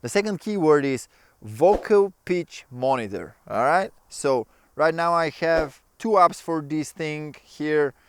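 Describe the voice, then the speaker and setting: Chatty man with a smooth voice. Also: a little high, slow, no room sound. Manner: relaxed, chatty, non-native phrasing. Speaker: ukulele teacher. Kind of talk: casual tutorial explaining.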